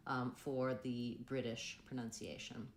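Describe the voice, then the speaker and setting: American woman, accent coach, low voice, roomy echo, careful slow demonstrations. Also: flat delivery. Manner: slow, careful modeling of vowel sounds. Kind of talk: instructional video. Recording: roomy echoey recording.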